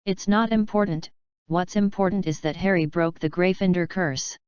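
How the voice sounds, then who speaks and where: A hot-headed schoolboy, read by a woman in a fan audiobook. The voice sounds clear and a bit low, and the recording is dull and dry. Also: normal speed, darkish tone, dry recording, close to an everyday voice. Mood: indignant. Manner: indignant.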